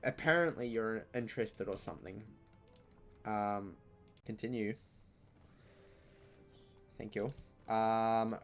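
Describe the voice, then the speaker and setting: A young man, chatting casually through a live-streamed game, joking and breaking into loud outcries. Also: fairly low pitch, measured pace, pauses often, soft background music. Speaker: gaming streamer.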